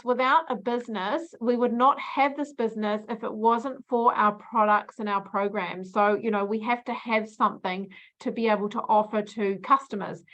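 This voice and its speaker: A woman's voice: on the high side, a bit bright. Upbeat woman. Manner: upbeat, enthusiastic, personal storytelling. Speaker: host of a business launch. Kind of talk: welcoming presentation speech. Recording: slightly dull, lo-fi sound.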